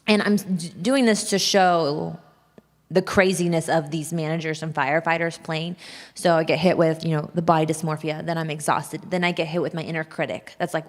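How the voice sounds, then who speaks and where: A nervous, candid woman talks openly to a gathered audience, her voice a touch low for a woman. Her words ring out with a long hall reverb trailing behind them. She sounds shaky, yet she keeps going in a frank, confessional manner. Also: steady tone, moderate pace. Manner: open, confessional, breaks into nervous laughs. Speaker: speaker sharing a personal testimony. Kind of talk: candid personal talk to an audience. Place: large hall at a church event.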